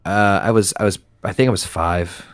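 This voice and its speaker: A man's voice: sits low, normal speed. A man telling family stories in casual chat, swearing often and restarting his sentences. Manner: profane, rambling, self-interrupting.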